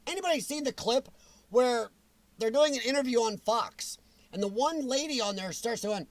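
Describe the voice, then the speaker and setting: A man's voice: very high-pitched, animated, normal speed. A man hosting a livestream, ranting angrily and sarcastically with plenty of profanity. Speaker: livestream host.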